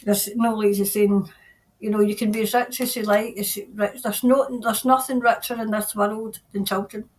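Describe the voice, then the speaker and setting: A middle-aged woman giving a spontaneous tarot reading, earnest and halting, often repeating her phrases. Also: medium pitch, fairly even intonation, low-quality recording. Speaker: tarot reader.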